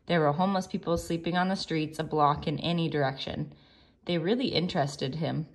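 Calm woman teacher reading aloud. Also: sits low. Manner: calm, measured, soft-spoken narration.

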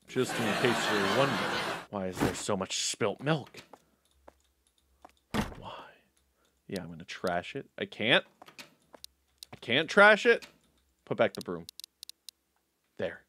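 A man's voice: fairly low pitch, sing-song, slow, long pauses, background noise. A young man giving joking, sarcastic commentary while playing a video game and bantering with its characters. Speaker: gaming YouTuber. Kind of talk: let's play commentary. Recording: game music behind the voice. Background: game music.

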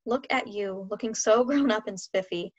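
A woman voicing a warm, joking middle-aged father who speaks softly and apologetically in a read-aloud story. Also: medium pitch, moderate pace, lightly acted. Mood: tender. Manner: soft, tender, apologetic. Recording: dull lo-fi sound.

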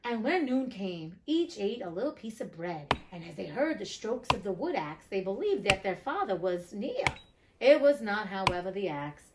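Lady reading a fairy tale aloud, cuts in with sassy cussing asides, middle pitch that jumps way up when she gets worked up. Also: very animated, moderate pace, noisy background. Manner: blunt, profane, indignant asides. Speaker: audiobook reader and host.

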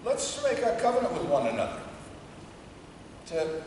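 Woman, priest, conversational sermon, quiet storytelling, long church reverb, distant mic. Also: on the low side, very animated, moderate pace, slight background noise. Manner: conversational, drops to a hush for a story. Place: church before a congregation. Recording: echoey church from far off.

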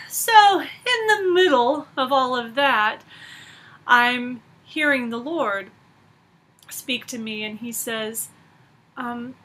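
Slow, bright-voiced woman speaker. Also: fairly high pitch, animated. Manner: slow, earnest storytelling with soft trailing phrases. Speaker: conference speaker. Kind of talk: faith talk to camera.

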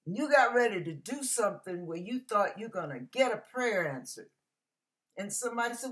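A woman's voice: medium pitch, expressive, moderate pace, a bit bright. A middle-aged woman preaching an emphatic, fiery, folksy sermon.

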